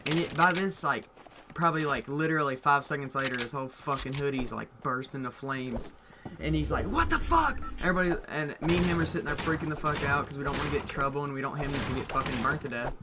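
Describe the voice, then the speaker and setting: A young man telling a story in a casual, rambling way, swearing constantly and getting excited at the wild parts. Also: mid-range voice, quick pace. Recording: audible background noise.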